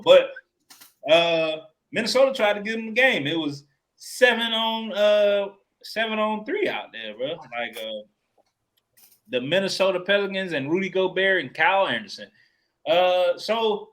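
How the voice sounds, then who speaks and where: A man runs a casual sports chat with a fairly high voice. He swears freely and jokes between points. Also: fairly bright tone. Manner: profane, joking, laughs often. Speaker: podcast co-host.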